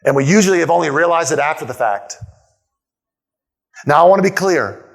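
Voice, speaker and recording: A male pastor delivers a sermon in a church with a slightly high voice for a man. He is emphatic, repeats his main points slowly for weight, and asks the congregation rhetorical questions. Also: animated, vocal fry. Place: church sanctuary.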